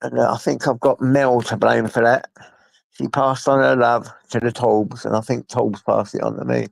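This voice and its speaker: An English livestreamer chats casually from his phone in a mid-range, creaky voice with little pitch movement, at normal speed and with no echo. He rambles and talks to his pets, his nose blocked from an oncoming flu.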